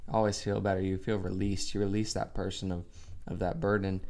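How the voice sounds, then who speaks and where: Man, low voice, earnest co-host of a faith podcast, reads verses aloud. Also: little pitch movement, a little fast, a little mellow. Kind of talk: casual faith podcast chat.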